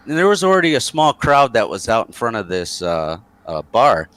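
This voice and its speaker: A man's voice: on the low side, big pitch swings, moderate pace, a bit bright, no echo. A man, a former soldier, tells a rambling war story in a casual interview over a voice call, with many fillers and chuckles.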